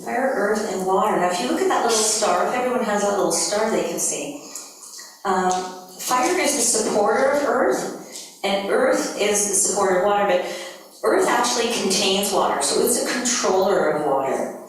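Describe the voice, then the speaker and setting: A woman's voice: medium pitch, lively intonation, normal speed. A woman leading a group energy workshop, explaining things to a large audience in an upbeat, conversational way. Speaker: workshop facilitator. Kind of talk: live workshop presentation. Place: large conference hall. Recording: echoey hall from far off.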